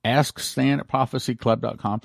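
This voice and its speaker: A man's voice: medium pitch, steady tone, moderate pace, creaky, dry recording. Emphatic preaching man, dry voice. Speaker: pastor. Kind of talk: broadcast sermon.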